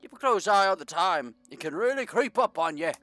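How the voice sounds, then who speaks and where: A short, officious harbor-town mayor with a put-on British accent, as a man voices him while reading game text. The voice sits well above the reader's own, with big swoops in pitch and a theatrical, slightly distant sound. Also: expressive, brisk, pushed and bright. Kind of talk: reading game dialogue aloud.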